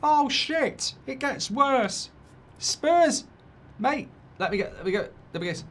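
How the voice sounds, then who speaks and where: A man putting on the voice of a frantic, panicking male football pundit, shrill and squealing. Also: expressive, slow, fairly bright tone, a little hiss or hum, exaggerated voice.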